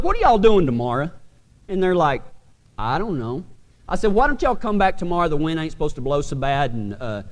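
A man with a Texan accent, a pastor from West Texas telling a folksy, animated story to his congregation. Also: a little high, in a large hall. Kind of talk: storytelling sermon.

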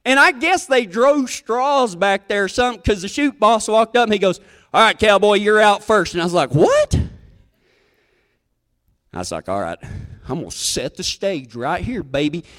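A man's voice: sits high, animated, normal speed, fairly bright tone. A man telling a folksy, self-mocking country story on stage.

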